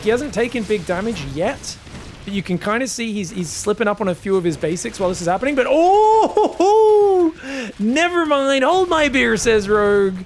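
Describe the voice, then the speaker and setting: A man giving solo esports commentary in a chatty, joking way with excitable asides. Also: high voice, a little hiss or hum. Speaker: esports caster.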